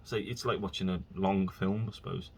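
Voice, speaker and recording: A man's voice: low-pitched, steady tone, moderate pace, gravelly, a little hiss or hum. A man hosting his own podcast, rambling casually from topic to topic and slipping into exasperated rants. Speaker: podcast host.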